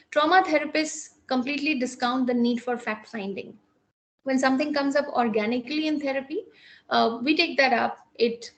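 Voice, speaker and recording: A clinical psychologist, a woman speaking Indian English, presents a measured psychotherapy lecture in an academic register. Fairly high in pitch, she often stops and begins her sentences again.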